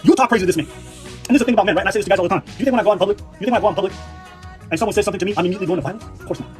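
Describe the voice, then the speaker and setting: A man's voice: high-pitched, rapid-fire, faint music behind. A man ranting in a clip, brash and mocking, heated and full of laughter. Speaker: online commentator. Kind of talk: profane reaction rant.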